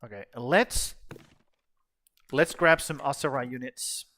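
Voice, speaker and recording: Taking things slowly, this young gaming host speaks in a mid-range voice while casually narrating his play. Occasional swearing and sentences left unfinished mark his relaxed style, over a constant background hum.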